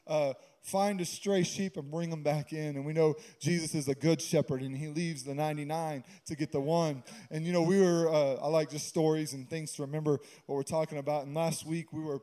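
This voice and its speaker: A man's voice: a little high, fairly even intonation, fairly quick, warm tone. A man pastor giving a sermon in a conversational way, with humorous asides and stories.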